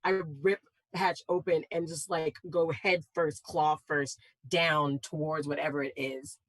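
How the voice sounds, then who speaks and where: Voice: medium pitch, flat delivery, a little slow, a bit bright, dry recording, rough recording. A player speaking in a tabletop role-playing game, describing actions hesitantly with many restarts.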